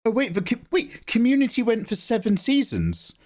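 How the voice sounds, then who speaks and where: A man's voice: very high voice, wildly swooping pitch, moderate pace, darkish tone. A young man chatting casually on a drawing livestream, wandering from topic to topic and laughing often as he tells stories. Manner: rambling anecdotes, laughs often. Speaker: livestream artist. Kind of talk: casual chat while drawing on stream.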